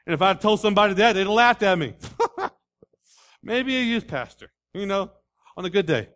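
A man preaching a sermon in a folksy way, building to loud repeated declarations. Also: sits high, expressive, moderate pace. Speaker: pastor.

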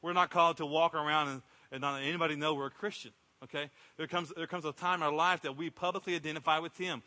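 Bright-voiced male pastor in a reverberant hall. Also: a little high, fairly even intonation, fast talker, few pauses. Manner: conversational storytelling, acts out quotes. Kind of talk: sermon. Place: church sanctuary. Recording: long reverb from a church hall.

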